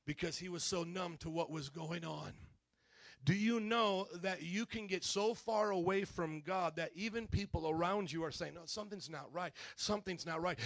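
A man preaching a sermon, telling stories with animated swings into loud delivery and calling on the congregation to repeat phrases. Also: high-pitched, no echo. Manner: call-and-response with the congregation. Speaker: pastor.

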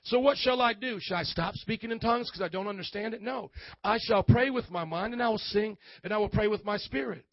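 Man, pastor, sermon, high voice, playful, lively, dull muffled audio. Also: fairly quick, creaky, no echo. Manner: lively, playful preaching with frequent amens.

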